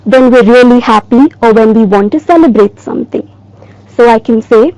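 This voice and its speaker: A woman teacher giving a recorded lesson in a slow, clear, emphatic way. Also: a little high, mellow, dry recording, rough recording.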